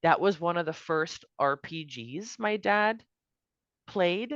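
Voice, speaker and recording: A woman's voice: on the low side, animated, takes it slowly, fairly bright tone. An upbeat woman chats as a podcast guest, restarting her sentences and tossing in casual slang. Her voice comes through a little dull and muffled. The sound is dry, with no room echo. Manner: upbeat, restarts a lot, says "dude" and "oh my gosh". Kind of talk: casual chat.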